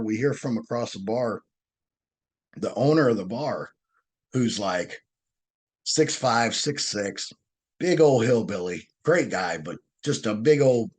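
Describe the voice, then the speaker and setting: A man telling stories as a podcast guest, earnest and animated, often restarting his sentences. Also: on the low side, breathy edge. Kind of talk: conversational storytelling.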